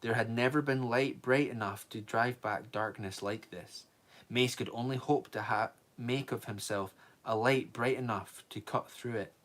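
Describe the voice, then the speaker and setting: A man reading a novel aloud on a live stream, steady, with small slips he corrects. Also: medium pitch, a little slow.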